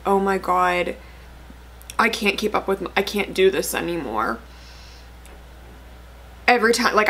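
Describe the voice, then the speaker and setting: Tearful, halting woman vlogging. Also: mid-range voice, sharp tone, slight background noise. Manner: halting, shaky, many restarts and fillers. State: on the verge of tears. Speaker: beauty vlogger. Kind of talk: tearful unscripted vlog.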